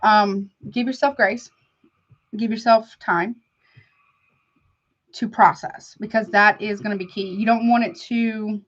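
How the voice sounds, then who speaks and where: A woman's voice: medium pitch, fairly even intonation, measured pace, pauses often. A woman tarot reader talks to her live viewers in a loose, chatty way, often calling them honey. Her voice sits in a middle register. The audio is a bit dull and lo-fi. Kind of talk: casual live-stream tarot chat.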